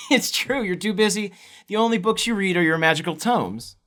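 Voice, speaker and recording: Young male co-host, loose rambling chat, quick to laugh. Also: sits high, a bit bright. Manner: playful, rambling, laughs often. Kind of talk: casual chat while drawing.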